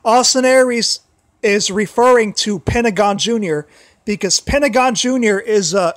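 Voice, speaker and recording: A man hosting a casual solo wrestling livestream, his voice tired from a sore throat, talking haltingly with many restarts and repeated phrases. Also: sits high, fairly bright tone, no room sound.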